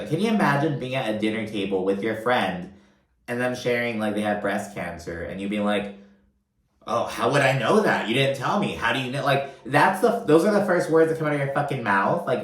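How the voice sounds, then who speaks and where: Profane gossipy man recapping reality TV. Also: medium pitch. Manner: profane, gossipy, acts out quotes in voices. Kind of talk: casual recap commentary. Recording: echoey room.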